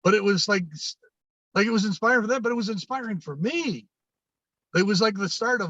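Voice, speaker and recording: A Canadian sales coach appearing as a podcast guest tells anecdotes conversationally, acting out the dialogue and frequently restarting and repeating phrases. His voice sits high, bright and forceful, moving a little fast. The recording is dry, dull and lo-fi, with no echo.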